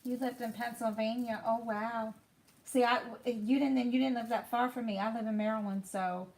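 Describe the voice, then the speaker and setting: A middle-aged woman chatting casually with viewers while crafting at home, rambling softly and thinking aloud with lots of fillers. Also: fairly high pitch, fairly even intonation, normal speed. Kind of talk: casual chat while diamond painting.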